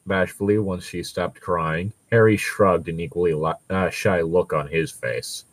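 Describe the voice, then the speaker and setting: A man's voice: deep voice, a little slow, no room sound, rough recording. A young man co-hosting a fan fiction reading podcast, ranting sarcastically and swearing freely. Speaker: co-host.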